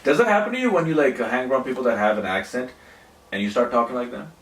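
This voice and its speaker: A man hosting a podcast in casual chat, loose and profane, quick to laugh. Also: medium pitch, expressive, far from the mic. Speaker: podcast host. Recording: roomy and off-mic, faint noise.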